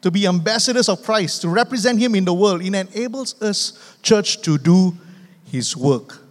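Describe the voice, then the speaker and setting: A man's voice: high-pitched, animated, moderate pace. A man, preaching a sermon as pastor, emphatic and repetitive, calling out for amens. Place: church sanctuary. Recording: long reverb of a church hall.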